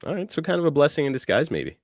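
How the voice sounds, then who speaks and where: A man's voice: fairly high pitch, wildly swooping pitch, rapid-fire, creaky, no echo, clean studio sound. A man hosting a podcast, asking eager casual questions with swearing and laughs. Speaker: podcast host. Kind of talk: casual interview chat.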